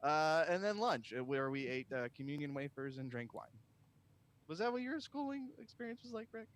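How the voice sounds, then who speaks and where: A man's voice: fairly high pitch, very animated, moderate pace, a little hiss or hum. A man co-hosting a comedy podcast, joking and laughing through casual chat. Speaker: podcast co-host.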